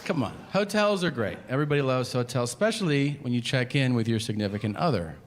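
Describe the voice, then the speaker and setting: This middle-aged man's stand-up set is delivered fast, at medium pitch with lively intonation, as he recounts a story and voices both speakers. It was captured live in a theater, complete with hall echo and crowd sounds.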